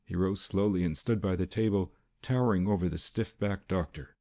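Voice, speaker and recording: A man narrating a period crime novel in a steady, measured reading. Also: low-pitched. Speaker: audiobook narrator. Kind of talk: scripted narration.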